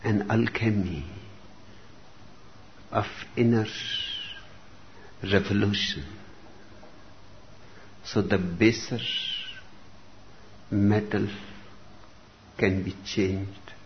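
A man delivers a spiritual discourse at an unhurried, measured crawl, leaving long pauses between phrases. His voice sits somewhat low. The recording is dull and lo-fi, with a faint hiss of ambience behind him. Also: fairly even intonation. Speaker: spiritual teacher. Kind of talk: slow reflective discourse.

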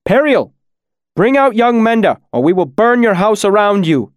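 A man voicing a village blacksmith in a storybook reading, yelling demands at a crowd's head. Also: mid-range voice, expressive, brisk, no echo, clean studio sound, lightly acted. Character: burly male village smith, fearful but bold.

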